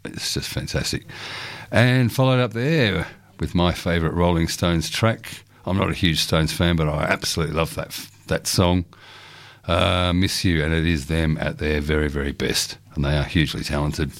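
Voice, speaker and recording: Australian male radio host, very low voice, dry studio sound, loose rambling delivery. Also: fairly even intonation, normal speed, no echo. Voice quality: rambling, with frequent ums and uhs. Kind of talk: live radio talk.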